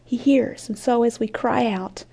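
A woman giving an earnest sermon-style Bible teaching, often dropping her voice to a soft whisper for emphasis. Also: on the high side, unhurried, creaky. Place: conference room with an audience.

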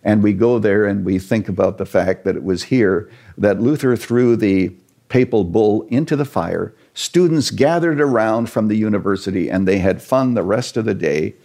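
A man telling a church history story to an interviewer, earnest and animated, with a few jokes. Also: fairly low pitch, moderate pace. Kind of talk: storytelling lecture in conversation.

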